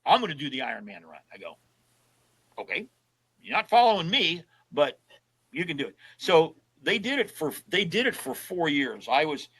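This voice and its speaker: Older man, seventies, bright forceful voice, casual storytelling, lively quoted dialogue. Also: on the high side, moderate pace, breathy edge, low-quality recording. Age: 70s. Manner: animated storyteller who acts out quoted dialogue. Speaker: podcast guest.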